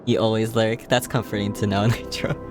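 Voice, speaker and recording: A man's voice: lowish voice, level tone, fairly quick. A man hosting a casual game livestream, tired and playful, laughing a lot as he chats with viewers. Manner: playful, giggly, chatting to viewers. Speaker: livestream host. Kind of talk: casual game-stream chat. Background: game music.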